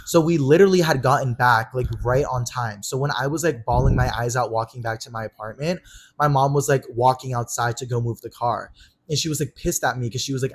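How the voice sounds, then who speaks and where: A man's voice: medium pitch, brisk, slightly rough. A young man in his twenties, co-hosting a podcast, animatedly retelling a story with swearing and acted-out quotes. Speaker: podcast co-host. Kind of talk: casual storytelling chat.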